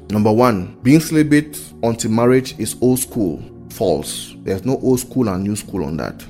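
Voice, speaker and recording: Male preacher, warm low-toned delivery, emphatic teaching over faint music. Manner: emphatic, list-driven, rhetorical questions. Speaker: preacher answering listener questions. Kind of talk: sermon-style teaching. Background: soft worship music.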